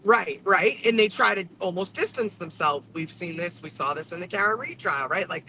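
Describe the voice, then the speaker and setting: A man's voice: high voice, lively intonation, moderate pace, sharp tone, a little hiss or hum, poor audio. A man casually talking over a trial on a livestream, blunt and a bit profane. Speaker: trial commentator.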